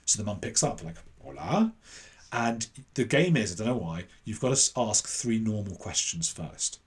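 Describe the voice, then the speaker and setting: English man, podcast guest, lively anecdote teller, jumps into other people's voices. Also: fairly low pitch, moderate pace. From England. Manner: animated storyteller who acts out other people's voices. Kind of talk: casual anecdote in an interview.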